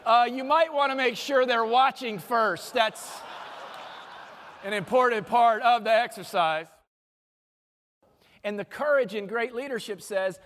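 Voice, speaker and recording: A man with a notably high voice gives a motivational keynote from a stage. He is energetic and playful, cracking jokes and coaching the crowd through exercises. His voice carries a long reverb off a large conference hall. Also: unhurried, long pauses. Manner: energetic, joking, directs audience exercises. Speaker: keynote speaker.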